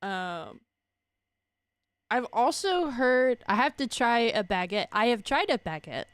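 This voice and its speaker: A woman's voice: fairly high pitch, very animated, takes it slowly, clear, resonant tone, no room sound. A young woman from Louisiana with a Cajun accent, chatting casually as a streamer, rambling, correcting herself and laughing often. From Louisiana, USA. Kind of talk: casual chat.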